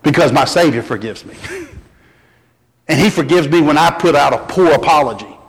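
A preacher man delivers a folksy sermon with a fairly high voice that climbs when he presses a point. His words ring out with a long reverb, as if heard across a church hall. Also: normal speed, breathy edge. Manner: folksy, animated preaching with rising emphasis. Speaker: pastor.

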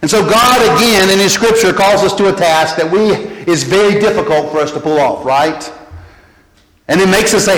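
A man preaching a sermon as pastor, animated and repeating key phrases. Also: sits high, normal speed. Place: church sanctuary. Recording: echoey church hall.

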